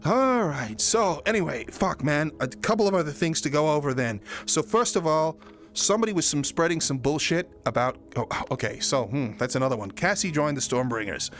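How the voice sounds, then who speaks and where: A man in a casual chat who swears a lot and rambles with many restarts. His voice jumps higher when he gets exasperated. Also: lively intonation, fairly quick, fairly bright tone. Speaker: roleplay streamer recapping his character's story.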